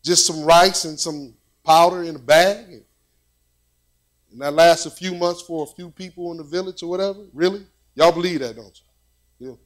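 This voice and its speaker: High-voiced man preaching conversationally. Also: moderate pace. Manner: conversational preaching with repetitions and storytelling. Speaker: pastor. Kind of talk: sermon.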